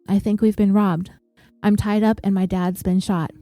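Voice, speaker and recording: A woman's voice: medium pitch, little pitch movement, moderate pace, mellow, no echo, soft background music, natural voice. A woman voicing a frightened seventeen-year-old girl giving short, shaken answers.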